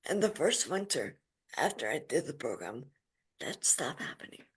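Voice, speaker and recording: A woman in her forties, a podcast guest, telling her story in a lively, emphatic way. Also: deep voice, normal speed, husky. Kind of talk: casual interview storytelling.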